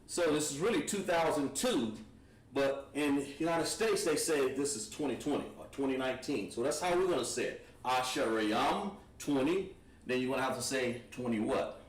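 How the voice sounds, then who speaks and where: A man's voice: medium pitch, recorded from a distance. Patient male teacher in echoey room. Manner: patient, encouraging, repeats words slowly. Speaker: Hebrew language teacher. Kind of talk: classroom lesson at a board.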